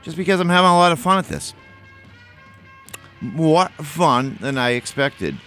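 A man's voice: fairly high pitch, very animated, measured pace, bright, forceful tone, soft background music. A man hosting a college radio show, chatting casually and rambling between songs, correcting himself and humming filler beats. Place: radio studio.

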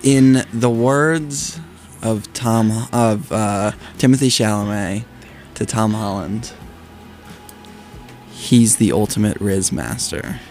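A man's voice: fairly low pitch, slow pace, a little mellow, soft background music. A young man joining in casual, joking college radio chat, with a mock-grand delivery. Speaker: radio show guest.

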